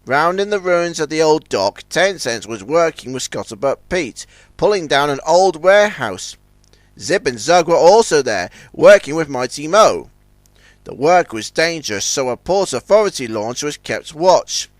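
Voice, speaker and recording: A man narrating a children's storybook in a scripted, expressive reading. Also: on the high side, unhurried, no room sound.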